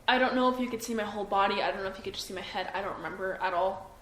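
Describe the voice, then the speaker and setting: A young adult woman giving a halting account to an interviewer, full of "like" and restarts. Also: medium pitch, fairly bright tone. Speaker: witness being interviewed. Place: indoors at her home. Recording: echoey room with faint ambient noise.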